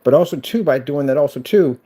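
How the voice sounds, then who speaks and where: A man giving a fast, excited walkthrough of his studio build, then turning to fervent religious exhortation. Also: a little high. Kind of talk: excited casual vlog, then preaching.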